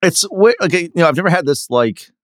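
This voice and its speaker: A man, a brewery guest, chatting casually on a podcast with a burning mouth from a hot chip, relaxed and agreeable. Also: a little high, fast talker, dry recording, studio quality. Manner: laid-back, agreeable, lots of fillers.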